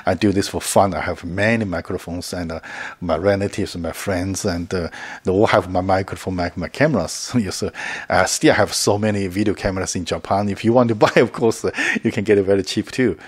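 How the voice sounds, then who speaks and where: Husky-voiced man chatting casually to camera. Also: sits low, fairly quick. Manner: rambling, repeats words, chuckles often. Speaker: video creator.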